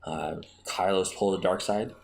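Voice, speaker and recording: A man's voice: low-pitched, fairly even intonation, normal speed, gravelly. A man hosting a podcast, making his case in a chatty, argumentative way with many restarts. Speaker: podcast host. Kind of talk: casual fan discussion.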